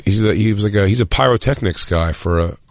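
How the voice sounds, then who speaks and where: A man's voice: on the low side, fast, no room sound. A man co-hosting a podcast, chatting in loose, crude banter. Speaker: podcast co-host. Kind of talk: casual chat.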